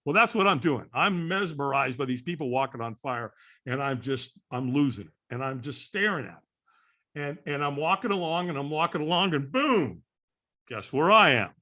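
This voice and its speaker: An older man in his sixties tells his story with a bright, forward voice. His pitch swings widely as he acts out other people's lines and keeps checking in with "right?" He is a podcast guest. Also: normal speed. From California. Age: 60s. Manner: lively storyteller acting out voices, frequent "right?". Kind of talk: animated storytelling.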